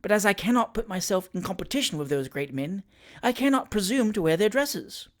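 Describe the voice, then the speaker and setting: Reader doing stout older gentleman, stately, emphatic, stern, audiobook. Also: medium pitch, animated, fairly quick, pitched above the performer's own voice, close to an everyday voice. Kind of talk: audiobook character reading.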